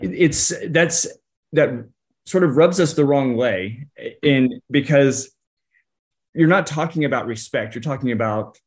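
Thoughtful man with halting phrasing. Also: medium pitch. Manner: thoughtful, halting, restarts phrases with "um" and "you know". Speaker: podcast co-host, psychologist. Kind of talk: casual advice chat.

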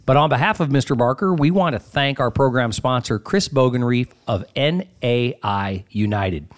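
A man's voice: medium pitch, lively intonation, moderate pace. A man hosting a radio talk show, introducing and interviewing a guest in a polished way.

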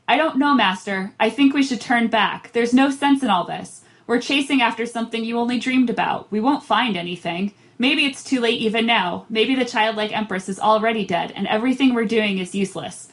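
A woman's voice: fairly high pitch, brisk, hardly any pauses, natural voice. A woman reading aloud the lines of a weary, despairing male little horse from a storybook, in a plain voice. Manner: hopeless, pleading. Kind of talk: read-aloud storybook dialogue.

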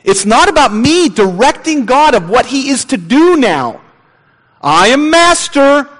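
A man preaching a sermon as a pastor, animated and mocking babbling prayers as he goes. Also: very high voice, moderate pace, long reverb tail.

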